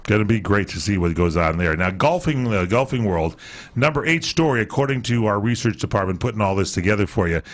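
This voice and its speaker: A man's voice: on the low side, animated, fairly quick. A man co-hosting a sports talk radio show, rambling with lots of fillers as he reads through a list of stories.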